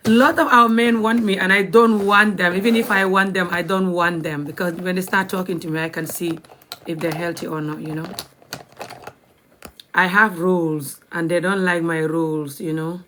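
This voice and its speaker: On a live video, a young woman with a Gambian accent speaks bluntly at normal speed, her voice on the low side with fairly even intonation and a fairly bright tone. A little hiss or hum sits in the background as she laughs often and now and then whispers.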